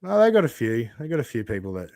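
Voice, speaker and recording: A man's voice: medium pitch, big pitch swings, fast, creaky, a little mellow, dry recording, clean studio sound. A man from Australia hosting a casual chat, laughing often and swearing as he reacts. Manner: laughing, swearing, reads out viewer tips. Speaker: host. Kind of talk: casual chat over a watched stream.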